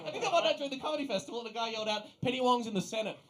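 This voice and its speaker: A young Australian man doing stand-up, sarcastic and swearing, swinging from loud rants to low asides. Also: racing. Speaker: stand-up comedian. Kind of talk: stand-up comedy. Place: comedy venue with audience laughter. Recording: live stage recording with audience noise.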